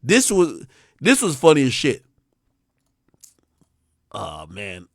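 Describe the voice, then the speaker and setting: Animated, profane male streamer. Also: mid-range voice, slow, vocal fry, slightly rough, no echo, clean studio sound. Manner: animated, swings from mumbling to shouting; profane, blunt, rambling. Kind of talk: live-stream commentary.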